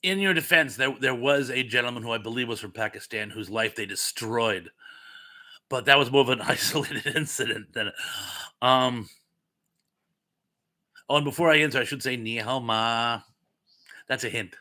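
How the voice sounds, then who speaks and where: A man hosting a casual live-stream chat, running trivia and telling animated, self-mocking stories. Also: medium pitch, moderate pace, long pauses. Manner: animated, chatty storyteller with self-mocking asides.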